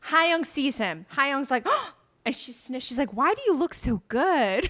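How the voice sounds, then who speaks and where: A woman co-host with a higher voice that leaps all over its range. She recaps eagerly in casual chat and acts out the characters' lines as she goes. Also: animated, normal speed, fairly bright tone. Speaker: podcast co-host.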